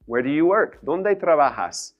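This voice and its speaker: A male language teacher giving a patient, clear lesson, explaining each step. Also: a little high, expressive, normal speed, muffled recording. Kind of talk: instructional lesson.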